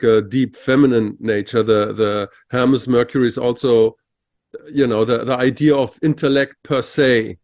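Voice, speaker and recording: Male podcast co-host, casual explainer, lots of fillers. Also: mid-range voice. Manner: searching, filler-heavy explaining. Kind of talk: casual philosophical conversation.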